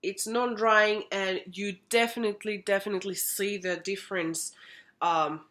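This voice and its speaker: A woman's voice: medium pitch, sharp tone. A woman giving a casual, chatty makeup product review at home, often doubling words for emphasis. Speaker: makeup vlogger. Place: home room.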